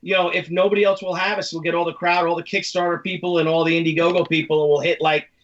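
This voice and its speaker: A man's voice: fairly high pitch, flat delivery, fast talker, fairly bright tone. A man co-hosting a podcast in casual chat, rambling through stories and often acting out the voices of people he quotes. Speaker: podcast co-host. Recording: muffled lo-fi mic from a distance.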